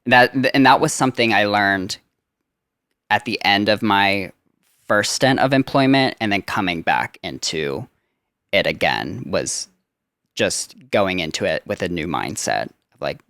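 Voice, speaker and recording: A man's voice: lowish voice, expressive, unhurried, a bit bright, clean tone, dry recording, studio quality. A young man, a guest on a podcast, chatting casually about his work as a theme park character performer, with many filler "like"s.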